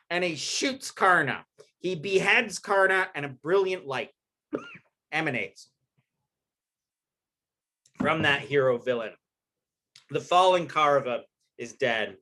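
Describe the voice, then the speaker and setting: A man's voice: fairly high pitch, fairly bright tone. A man giving a casual recorded lecture, retelling an epic in an informal, storytelling way with slang.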